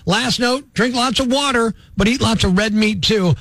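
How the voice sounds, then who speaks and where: Man, radio host, high voice, dry studio sound, joking, fired-up rants. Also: moderate pace, no room sound. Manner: wisecracking, energetic, ranting. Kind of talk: radio talk show with callers and rants. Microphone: studio mic.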